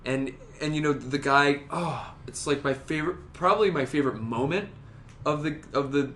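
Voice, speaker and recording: A man co-hosting a podcast in casual chat, rambling and excitable, swearing freely as he tells stories. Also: on the high side, moderate pace. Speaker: podcast co-host.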